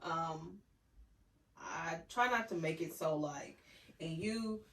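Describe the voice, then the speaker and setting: A woman co-hosting a podcast, speaking in a reflective, measured casual chat. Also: deep voice, lively intonation, fairly bright tone, far from the mic. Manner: reflective, measured, acts out quoted speech. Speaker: podcast co-host. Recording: roomy sound from off-mic.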